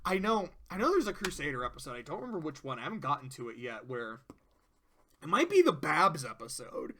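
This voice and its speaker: A man with a high, bright voice gives a casual episode recap. He talks in a loose, animated way, swears often, and slips into quick impressions of the characters as he retells scenes. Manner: animated storyteller who swears and acts out quotes. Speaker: video reviewer.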